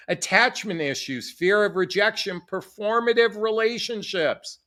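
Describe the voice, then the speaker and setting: A middle-aged man with a notably high voice talks straight to camera as a dating coach. He is earnest and reflective and leans on repetition to drive points home. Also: normal speed, hardly any pauses, pushed and bright. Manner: earnest, reflective, repeats phrases for emphasis. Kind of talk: direct-to-camera advice talk.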